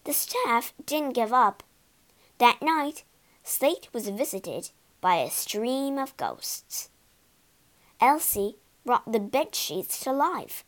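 A woman narrating a storybook with an expressive, dramatic reading. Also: a little high, takes it slowly.

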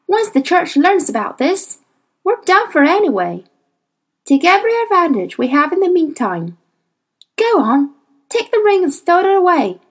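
A woman's voice: very high voice, pitched above the performer's own voice, full character voice. A woman voicing a blunt, practical female animal companion in an audiobook, urging her partner on. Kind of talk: audiobook character reading.

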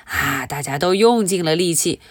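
A woman's voice: on the low side, moderate pace, no echo, studio quality. A woman teaching through a storybook, reading aloud and explaining it, often asking her listeners questions. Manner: expressive, asks listeners questions.

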